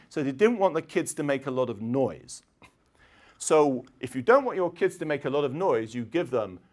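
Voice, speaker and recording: A middle-aged man giving a chatty public lecture, often clearing his throat and filling pauses with um and uh. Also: medium pitch, a little mellow. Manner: chatty, digressive, frequent throat clearing and fillers. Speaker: university lecturer. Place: lecture hall.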